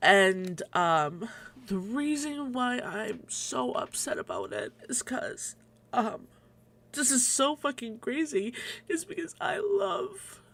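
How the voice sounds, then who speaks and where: Slow-talking, slightly breathless young woman. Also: on the high side, huge pitch swings, fairly bright tone. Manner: rambling, profane, laughs often. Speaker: livestream host. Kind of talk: casual solo livestream chat.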